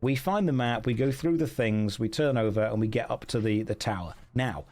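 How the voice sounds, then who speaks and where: Over soft background music, a man streams a gamebook, chatting with viewers about their votes and reading story passages aloud. His mid-range, darkish voice moves at a normal speed with few pauses.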